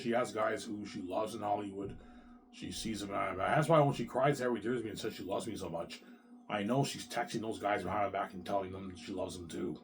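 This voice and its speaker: A man's voice: fairly low pitch, a little mellow, slight background noise. A man ranting in a rambling solo vlog, profane and repetitive. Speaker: vlogger.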